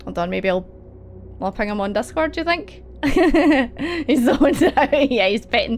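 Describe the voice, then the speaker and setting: A woman's voice: sits high, expressive, unhurried, a little hiss or hum. A woman narrating as game master, hesitating often over fillers and laughing between lines. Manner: hesitant, filler-heavy, giggly.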